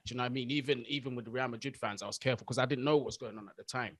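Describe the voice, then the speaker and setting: A man co-hosting a casual chat, speaking in a measured, reflective way. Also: mid-range voice, fairly even intonation, no echo.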